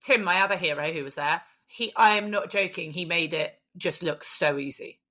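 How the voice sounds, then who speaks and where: Woman, podcast co-host, bright edge, chatty and laughing. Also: fairly low pitch, normal speed. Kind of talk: casual chat.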